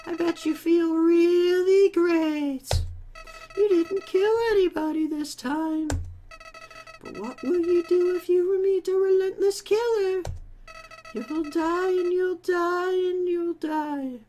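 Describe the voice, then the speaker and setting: A woman voicing a menacing male talking flower from a video game, drawing out her words in a high, sneering voice. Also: fairly even intonation, warm tone. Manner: high, drawn-out, sneering delivery.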